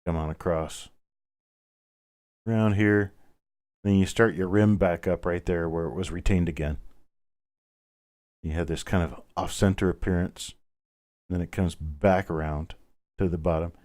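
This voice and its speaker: A man's voice: low-pitched, steady tone, a little slow, pauses often, a little mellow. A man hosting a live online coin auction, chatting casually, calling out bids and greeting bidders by name. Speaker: auction host.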